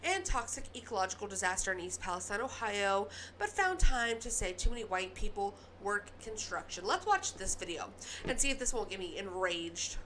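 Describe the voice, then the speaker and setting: A woman's voice: medium pitch, very animated, normal speed, sharp tone, slight background noise. A woman hosting casual political commentary, talking straight to her viewers in an emphatic, profane rant.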